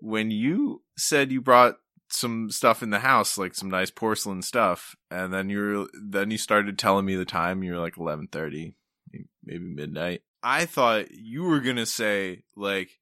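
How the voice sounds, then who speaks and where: A man in casual banter, teasing his co-host with quick joking jabs. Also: on the low side, sharp tone, no echo, studio quality.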